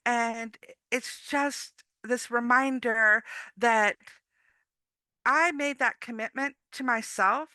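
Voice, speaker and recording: A woman's voice: on the high side, takes it slowly, clear, resonant tone, dry recording. A woman giving an upbeat, chatty motivational talk as a guest speaker, often acting out what others say. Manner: upbeat, chatty, quotes others in lively voices. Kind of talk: motivational talk, casual and personal.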